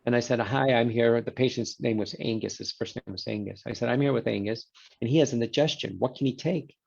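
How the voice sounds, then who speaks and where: A man's voice: mid-range voice, brisk, vocal fry, husky, dull audio. A man, a guest in a conversation, telling a story and acting out the quoted exchanges. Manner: animated storyteller who voices quoted exchanges.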